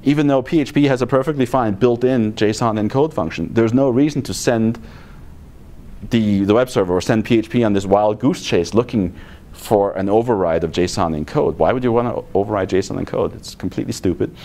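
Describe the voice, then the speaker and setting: A man's voice: lowish voice, brisk, warm tone. A man giving a technical conference talk in a blunt, exasperated manner with sarcastic asides. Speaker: conference speaker. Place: conference room.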